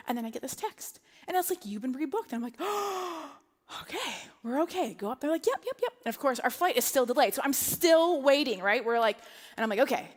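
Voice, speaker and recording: A woman preaching, telling a personal story in an animated way and acting out her own lines and other people's lines in a church setting. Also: on the high side. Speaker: pastor. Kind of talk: sermon storytelling. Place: church auditorium. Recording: long hall reverb.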